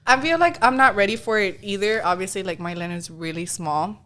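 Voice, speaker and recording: A woman's voice: medium pitch, brisk. A woman co-hosting a podcast in casual chat, laid-back, saying "dude" a lot and mixing in Spanish. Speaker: podcast co-host.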